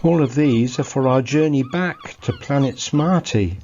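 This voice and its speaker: A man's voice: mid-range voice, a little slow, darkish tone, slight background noise, pitched above the performer's own voice, lightly acted. A brave young Martian captain speaks earnestly and with childlike dignity, as a male storyteller voices him. The voice stays close to the reader's own, only slightly raised, in a muffled, lo-fi recording.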